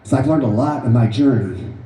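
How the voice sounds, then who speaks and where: A man's voice: medium pitch, fairly quick, mellow. A man giving an earnest, emphatic storytelling speech to a live audience at an event. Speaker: author presenting his book. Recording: roomy echo, voice far from mic.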